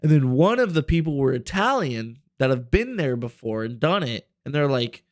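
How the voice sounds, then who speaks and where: A man's voice: mid-range voice, very animated, normal speed, dry recording, clean studio sound. A young man co-hosting a podcast, telling a long rambling story in casual chat, full of fillers and swearing. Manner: rambling, profane, filler-heavy. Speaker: podcast co-host.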